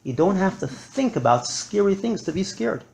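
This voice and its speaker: A man lecturing to a live audience, animated and acting out his stories with big swings in his voice. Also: high voice, normal speed, vocal fry.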